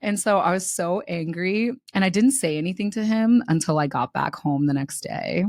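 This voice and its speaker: Co-hosting a casual podcast, a young adult woman shares a personal story candidly and with animation, laughing along and cursing freely. She has a lowish voice at a moderate pace, captured in clean studio sound with no room echo.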